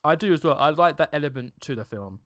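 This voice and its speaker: A man's voice: on the high side, expressive, fast talker, fairly bright tone, dry recording, highs cut off. A man in a casual film discussion over a video call, agreeing often and adding wry jokes. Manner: wry, agreeable, jokey asides.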